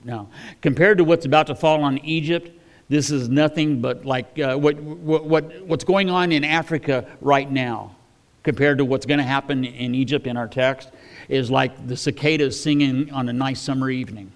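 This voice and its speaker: A man's voice: mid-range voice, steady tone, moderate pace. A man preaching a sermon in a folksy, conversational way, often restarting with fillers.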